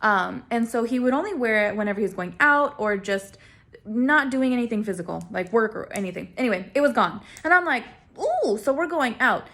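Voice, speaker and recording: A young woman telling a personal story to camera in a casual, self-mocking way. She laughs often and acts out quoted lines with big swings in pitch. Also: expressive, fairly quick, fairly bright tone. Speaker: vlogger.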